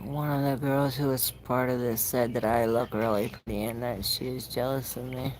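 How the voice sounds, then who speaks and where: A woman's voice: a bass voice, steady tone, normal speed, darkish tone, a little hiss or hum, low-quality recording. A woman giving a casual, rambling tarot reading on a livestream, repeating herself and swearing now and then.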